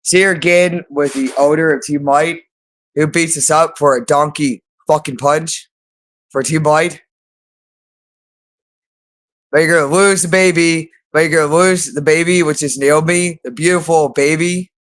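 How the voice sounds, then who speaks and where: A man's voice: fairly high pitch, steady tone, normal speed, fairly bright tone. A man talking unscripted on a livestream, heavily profane and repeating the same phrases again and again. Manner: repeats phrases over and over, heavy swearing.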